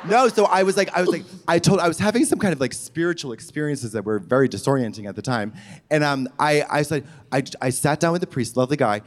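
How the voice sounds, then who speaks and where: A man co-hosting a live comedy show on stage, zany and giggly, piling on quick yeahs. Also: a little high. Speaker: comedy podcast co-host. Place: theater stage before a live audience.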